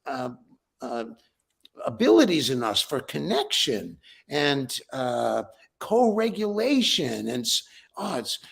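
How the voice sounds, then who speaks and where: Older guy talking breathing and yawns, excited, voice jumps around a lot. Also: mid-range voice, takes it slowly, vocal fry, slightly rough. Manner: enthusiastic, repeats words when starting. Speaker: breathwork teacher and author. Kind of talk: interview answers.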